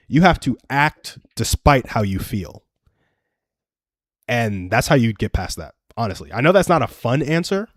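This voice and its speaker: A man's voice: mid-range voice, no room sound, clean studio sound. A young man hosting a livestream, telling a personal story in earnest, chatty advice talk. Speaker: livestream host. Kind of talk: casual advice chat.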